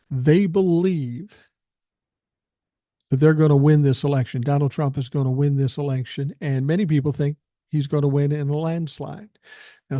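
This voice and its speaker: An older man hosts his own podcast, delivering a blunt, angry rant thick with profanity. His voice is dark and mellow. The sound is dry and close, with no room around it. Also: a little high, no room sound. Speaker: podcast host reading listener emails.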